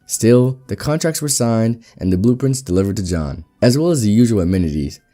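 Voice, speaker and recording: Man, story reader, low voice, mellow, steady wry delivery. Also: fairly quick, soft background music. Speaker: story narrator. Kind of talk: reading an online story aloud.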